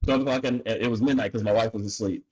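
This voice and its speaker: Husky man telling a lively story. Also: on the low side, fast, muffled recording. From North Carolina, USA. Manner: animated, acts out dialogue with laughs. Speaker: farmer and co-founder, podcast guest. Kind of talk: storytelling in casual interview.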